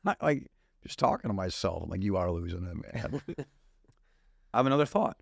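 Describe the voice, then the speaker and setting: Animated middle-aged man telling a story. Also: low-pitched, moderate pace, creaky, dry recording, studio quality. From Wisconsin, US. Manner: animated, laughs often, acts out dialogue. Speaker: guest pastor. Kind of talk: storytelling testimony.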